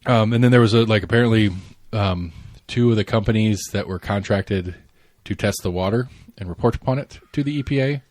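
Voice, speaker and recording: A man's voice: lowish voice, fairly quick, hardly any pauses, a little mellow, no room sound, studio quality. A man co-hosting a casual current-affairs podcast, rambling with lots of fillers and restarts and the odd swear word. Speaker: podcast co-host.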